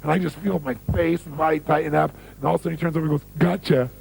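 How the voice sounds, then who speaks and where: A man's voice: fairly high pitch, level tone, racing, gravelly, a little hiss or hum, rough recording. A man giving a motivational seminar talk on stage, telling stories, repeating key phrases for emphasis and quizzing the audience. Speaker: motivational speaker.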